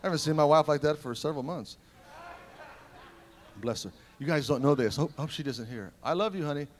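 A middle-aged man preaching at a revival service, telling personal stories in an animated way that swings from loud, ringing lines to hushed ones. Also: a little high, brisk.

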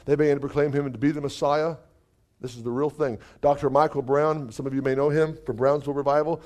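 A male preacher telling a testimony in a sermon, lively and dotted with hallelujahs and chuckles. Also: fairly high pitch, quick pace. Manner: animated, exclamations of hallelujah, chuckles.

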